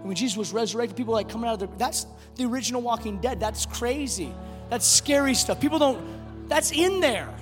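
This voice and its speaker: A man preaching a sermon, swinging between loud bursts and quiet, hushed drops. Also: extremely high pitch, animated, brisk. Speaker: pastor. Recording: long hall reverb with faint music.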